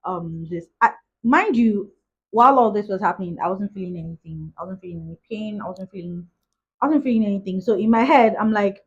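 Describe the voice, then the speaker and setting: Young woman vlogger, husky, casual chatty storyteller, muffled lo-fi sound. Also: mid-range voice, fairly quick. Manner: chatty, retells events with many "like" asides. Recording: dull lo-fi recording.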